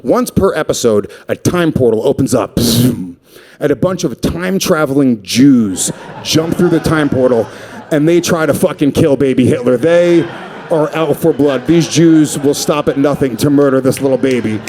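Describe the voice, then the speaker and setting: A man in his thirties performing a stand-up comedy set on stage, crude and profane, rambling with quick asides. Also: medium pitch, dark tone.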